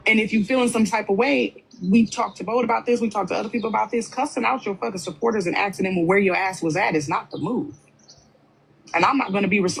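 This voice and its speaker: A woman's voice: medium pitch, vocal fry, a little hiss or hum. A woman speaking on a livestream panel, blunt and heavily profane as she confronts another member. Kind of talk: heated livestream argument.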